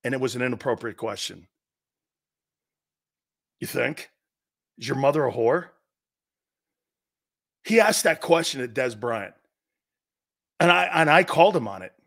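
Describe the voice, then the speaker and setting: A middle-aged man hosting casual sports talk, lecturing with lots of rhetorical questions and an animated delivery. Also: mid-range voice, a little slow, creaky, pauses often.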